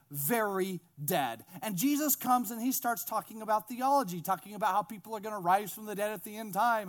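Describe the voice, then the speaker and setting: A male pastor with a high voice delivers a lively sermon. He retells the Bible story with humorous asides and acts out its characters as he reads.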